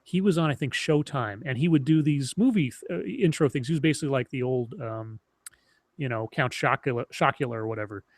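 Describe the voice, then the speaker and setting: A man in his thirties rambles through memories in loose, animated streamer chat, full of restarts. His voice sits at an ordinary middle pitch. The sound is close and dry. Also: brisk, no room sound. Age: 30s. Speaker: streamer co-host. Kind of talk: casual chat.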